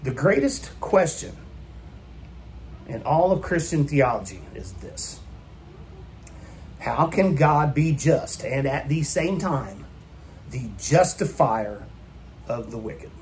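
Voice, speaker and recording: A man's voice: mid-range voice, expressive, slow, long pauses, slight background noise. A man preaching a sermon in a church, emphatic and full of rhetorical questions put to the congregation. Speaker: pastor.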